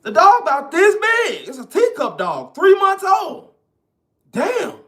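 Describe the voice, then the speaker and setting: A man's voice: extremely high pitch, wildly swooping pitch, slow pace, pushed and bright. A man ranting in casual, profane, emphatic commentary straight to his viewers. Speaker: online commentator.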